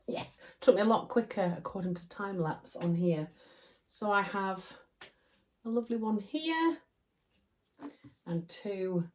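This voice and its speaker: A woman's voice: fairly low pitch, a little mellow. A woman with a Yorkshire accent giving a chatty, laughing sewing tutorial from her home sewing room. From Yorkshire, England. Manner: chatty, self-deprecating, laughs often.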